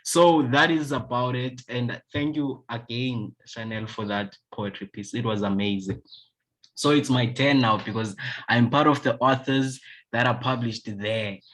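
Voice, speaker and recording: A man's voice: medium pitch, a little slow, fairly bright tone, rough recording. A man with a South African accent, a native Xhosa speaker, hosting a book launch over a video call and often repeating words as he searches for them. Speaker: event host and published poet.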